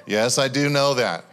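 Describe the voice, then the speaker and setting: A pastor preaching to his church with a bright, forceful voice. He talks casually, with fillers and restarts, then rises into animated, emphatic stretches. The pitch sits in an ordinary middle range for a man. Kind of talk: sermon.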